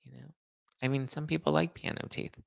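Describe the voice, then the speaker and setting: A man's voice: a little high, steady tone, fairly quick, gravelly, no echo. A young man hosting a podcast livestream, chatting casually and reading out viewer comments, with a slight lisp. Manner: chatty, rambling, self-deprecating. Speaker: podcast host reading live chat.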